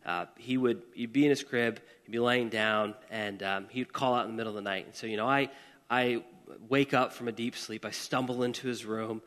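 A man's voice: medium pitch, steady tone, fairly quick, fairly bright tone, in a large hall. A man preaching a conversational sermon to a church audience, chatty and casual, with asides and questions to the room. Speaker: pastor. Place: church service hall.

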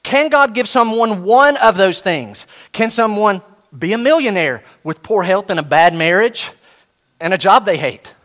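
Animated high-voiced male preacher. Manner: animated preaching with sudden soft drops and acted-out dialogue; slow emphatic repetition of key phrases. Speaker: pastor. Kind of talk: sermon.

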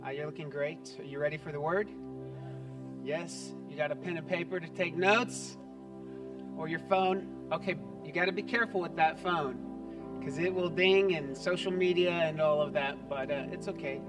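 Upbeat high-voiced pastor preaching. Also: male voice, normal speed, distant mic, over music. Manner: upbeat and conversational, tells jokes. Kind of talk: sermon. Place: church sanctuary.

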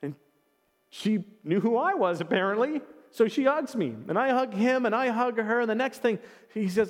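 Male pastor, earnest storyteller, stumbles over restarts, high voice, long hall reverb. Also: animated, moderate pace. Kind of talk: sermon with storytelling.

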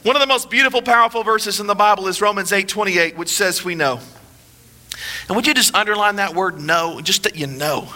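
Male pastor, sermon delivery: emphatic and repetitive, with a high, very bright voice. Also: brisk. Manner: emphatic, repetitive preaching, dropping low for solemn points.

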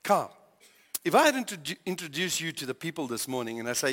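A man's voice: fairly high pitch, very animated, fast, fairly bright tone. Older male pastor preaching in a hall. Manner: conversational, asks the congregation questions. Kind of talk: sermon.

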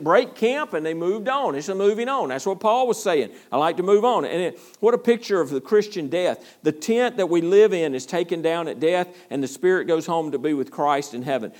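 High-voiced preaching pastor, lilt. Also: male voice. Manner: animated preaching with frequent restarts, rising emphasis. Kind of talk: sermon.

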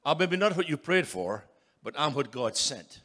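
A man in his sixties preaching as a guest speaker, emphatic and building to loud calls for an amen. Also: on the high side, sing-song, normal speed. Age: 60s. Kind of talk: sermon.

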